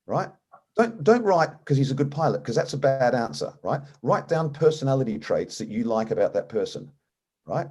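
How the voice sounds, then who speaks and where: A man's voice: mid-range voice, a little fast, breathy edge. A middle-aged man, an airline captain, telling his story in an interview and acting out the voices of people he quotes. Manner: animated storyteller, acts out quoted dialogue.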